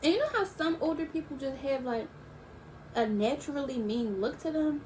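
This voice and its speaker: A woman's voice: high-pitched, expressive, a little mellow, slight background noise, low-quality recording. Chatty young woman telling a story. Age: young adult. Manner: chatty, slangy, drawn-out asides. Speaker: YouTuber. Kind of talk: casual storytime vlog.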